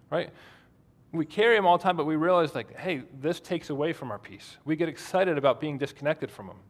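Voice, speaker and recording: A man preaching a sermon in a conversational way, asking the congregation questions. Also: fairly high pitch. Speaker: pastor.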